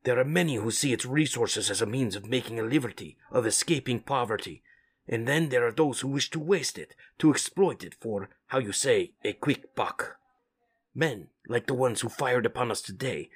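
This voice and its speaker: A man voicing a wise, solemn jaguar mutant in a measured, husky voice, with Spanish words mixed in, for a comic read-aloud. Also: mid-range voice, expressive.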